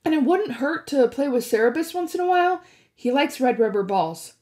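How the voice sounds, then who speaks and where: Woman reading a brave teenage boy hero, cheeky retorts, bold, lively pitch, fairly high voice. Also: fairly quick. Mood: defiant.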